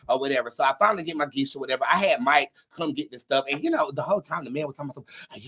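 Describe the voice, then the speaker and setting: A man hosting a tarot livestream, telling stories in a dramatic, profane, animated way and acting out what people said. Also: fairly high pitch, rapid-fire, few pauses, breathy edge. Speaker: tarot reader and livestream host. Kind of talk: casual storytelling chat on a livestream.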